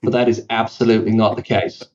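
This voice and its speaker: As a CEO guest in a podcast interview, this South African man speaks in a low, level voice, with the highs cut off in the audio. His accent mixes British and South African, and he shares self-deprecating anecdotes quickly, full of fillers and restarts.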